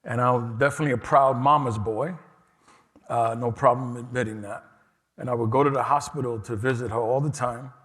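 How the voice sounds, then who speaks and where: A man's voice: medium pitch, steady tone, brisk, fairly bright tone. Man, new york accent, keynote speech, casual and personal, long hall reverb. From New York City. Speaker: keynote speaker. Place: large conference hall.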